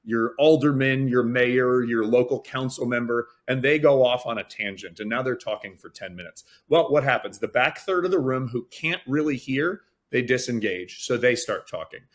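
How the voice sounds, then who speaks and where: A man's voice: medium pitch, moderate pace, hardly any pauses. A man who works as a fundraising auctioneer, talking energetically on a webinar and acting out announcements as he tells his stories. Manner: energetic, storytelling, acts out announcements. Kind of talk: webinar talk, explaining.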